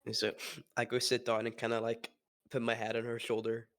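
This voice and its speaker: A man playing his character in a tabletop role-play, talking haltingly and despairingly, with nervous laughs. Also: medium pitch, monotone, fairly bright tone. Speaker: player.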